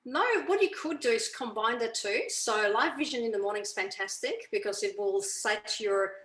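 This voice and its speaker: A woman's voice: on the high side, moderate pace, fairly bright tone. A woman explaining ideas on a video call as a guest coach, who keeps checking in with "okay?". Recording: roomy echo.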